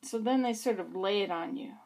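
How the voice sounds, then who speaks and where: A woman's voice: medium pitch, brisk, darkish tone. A woman vlogging to camera, chatting in a rambling, meandering way with little asides to herself. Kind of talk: casual chat to camera. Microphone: camera facing her like a mirror.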